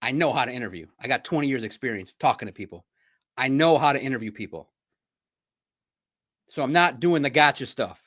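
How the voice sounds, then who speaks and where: Animated, boastful male podcast host. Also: medium pitch, fairly quick, long pauses. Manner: boastful, repetitive, trash-talking. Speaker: sports podcast host and reporter. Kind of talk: casual podcast monologue.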